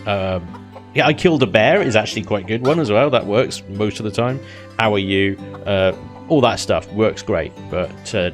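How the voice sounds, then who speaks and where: A joking, chatty man talks through his video game. His voice sits fairly low. Faint music plays beneath his commentary. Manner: chatty, joking, laughs often. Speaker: gaming YouTuber.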